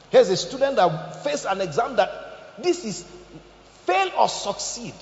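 High-voiced animated male preacher. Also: a little slow, noisy background. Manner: animated storytelling, asks the congregation questions. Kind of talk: sermon. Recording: echoey hall, dull sound.

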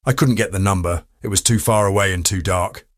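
Audiobook sidekick: brisk and pleased with himself, voiced by a male reader. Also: low-pitched, no room sound, studio quality. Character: cheerful male assistant to a detective.

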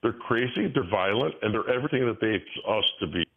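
A man's voice: lowish voice, expressive, fast talker, breathy edge. Older man rambling over a phone line. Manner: rambling, many restarts, chuckles often. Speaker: guest. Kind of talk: casual interview talk.

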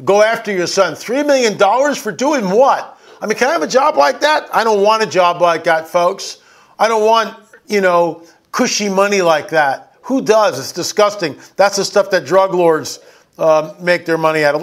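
A man's voice: sits high, expressive, normal speed, fairly bright tone. A man giving an indignant, emphatic political commentary over video clips.

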